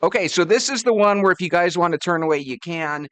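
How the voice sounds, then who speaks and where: A man's voice: sits high, fast talker, a bit bright, no echo. A man hosting a reaction video, joking and chatting between clips. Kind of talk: reaction commentary.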